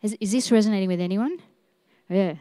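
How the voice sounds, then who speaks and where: A woman's voice: mid-range voice, brisk, mellow, dry recording. A woman teaching a church class, playful and laughing often as she asks the room questions. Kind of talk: sermon teaching.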